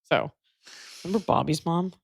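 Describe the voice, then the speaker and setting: Low-voiced frank woman podcast host. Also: moderate pace, vocal fry, dry recording. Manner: chatty, frank, self-interrupting. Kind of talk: casual advice chat.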